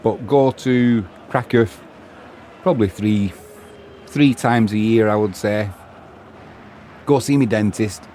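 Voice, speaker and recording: A middle-aged Englishman with a fairly low voice hosts a casual live football stream. He chats loosely and banters with viewers between bits of match commentary, over a faint hum of noise behind him. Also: slow, long pauses, warm tone. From England. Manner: chatty, bantering, reads viewer messages aloud.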